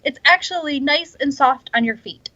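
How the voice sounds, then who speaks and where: A woman's voice: high voice, moderate pace, bright, forceful tone. A woman chatting casually on a podcast, enthusiastic and restarting her sentences often. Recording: dull lo-fi sound.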